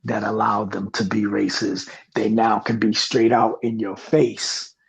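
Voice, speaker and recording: A man speaking as a podcast panelist in casual discussion, halting and searching for words. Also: fairly low pitch, little pitch movement, vocal fry, breathy edge, rough recording.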